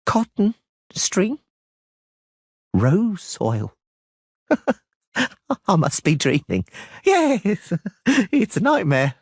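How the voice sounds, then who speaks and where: Man doing hot-tempered halfling trader, higher voice, husky. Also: big pitch swings, very slow, long pauses, no room sound, studio quality, exaggerated voice. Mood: exasperated. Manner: exasperated, shouting.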